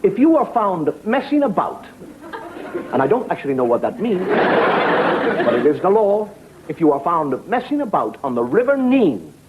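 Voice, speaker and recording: A man doing a stand-up monologue as comedian and host, telling stories with wry asides and punchlines. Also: high-pitched. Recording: dull, noisy old TV audio.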